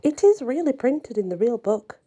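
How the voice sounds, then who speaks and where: A woman voicing an emotional young lady who used to be a cat, talking in a fussy and excitable way. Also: mid-range voice, measured pace. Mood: proud. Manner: tearful, then proud and excited.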